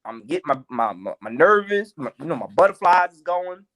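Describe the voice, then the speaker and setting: Lively man telling a comedy tale. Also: on the high side, brisk. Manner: lively, acts out quotes, laughs often. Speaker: guest comedian. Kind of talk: animated storytelling in a podcast interview.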